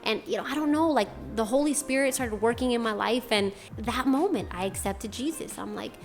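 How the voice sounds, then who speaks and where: With soft background music, a young woman from Boston, USA rambles through her personal testimony vlog for her channel, packed with fillers like "like." She talks a little fast, hardly pausing, in a slightly high voice.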